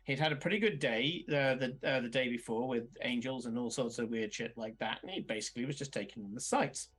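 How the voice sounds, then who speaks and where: Bright-voiced male game master. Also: mid-range voice, brisk, husky. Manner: rambling with many fillers and chuckles. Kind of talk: narrating a tabletop game.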